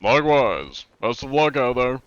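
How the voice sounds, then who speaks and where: A man streaming a game live, chatting in a relaxed, rambling way and swearing casually. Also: medium pitch, normal speed, no echo, highs cut off. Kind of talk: casual live-stream chat while gaming.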